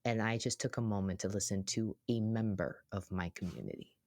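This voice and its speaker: A therapist co-hosting a podcast, chatting casually and telling everyday stories with lively acted-out quotes. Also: sits low, brisk, no room sound, clean studio sound. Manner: animated storyteller who acts out quoted voices.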